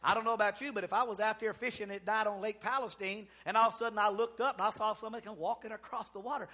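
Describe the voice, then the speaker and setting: A man preaching a sermon, swinging between loud exclamations and hushed, drawn-out storytelling. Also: high-pitched, steady tone.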